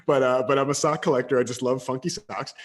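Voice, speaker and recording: A man in his thirties, a podcast guest telling a story from his past in an animated way, with quick bursts of louder talk and stammered restarts. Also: medium pitch. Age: 30s. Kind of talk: casual storytelling interview.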